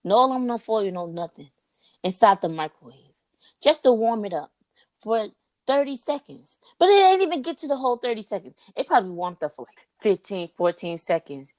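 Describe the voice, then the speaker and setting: Animated young woman, dry studio sound. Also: a little high, fairly quick, no echo. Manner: animated storyteller, slangy, says "like" and "bro" often. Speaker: podcast co-host. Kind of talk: casual chat.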